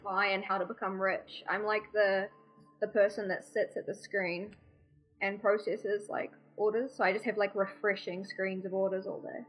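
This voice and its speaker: A woman's voice: medium pitch, flat delivery, normal speed, breathy edge, faint music behind, low-quality recording. A woman with a New Zealand accent, a guest chatting casually on a podcast, self-deprecating and full of "like" fillers. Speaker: guest streamer.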